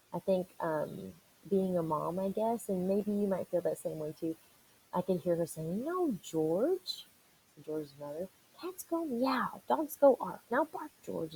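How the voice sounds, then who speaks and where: Woman teacher, picture-book read-aloud: encouraging, asks the kids questions, dark mellow tone. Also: lowish voice, a little hiss or hum, low-quality recording. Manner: encouraging, asks and answers questions for young listeners.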